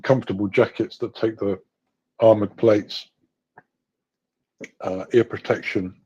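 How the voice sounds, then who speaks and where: A man's voice: fairly low pitch, fairly even intonation, measured pace, warm tone, husky. A man speaking in a live audio chat, upbeat and emphatic as he talks about a fundraiser. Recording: dull, lo-fi online audio.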